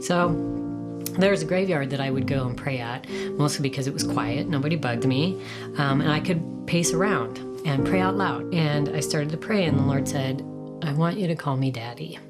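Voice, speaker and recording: Woman, low voice, slow delivery, emotional testimony, loud guitar music behind. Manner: emotional, reflective storytelling. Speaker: testimony speaker. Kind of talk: personal testimony.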